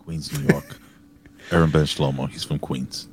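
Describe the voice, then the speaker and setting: A man co-hosting a wrestling review podcast in casual banter, blunt, profane and excitable. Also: very deep voice, measured pace, husky. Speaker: podcast co-host.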